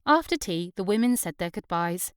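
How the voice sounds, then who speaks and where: A woman reading an audiobook in scripted narration, steady and even. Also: lowish voice, moderate pace, clean tone, no room sound, studio quality.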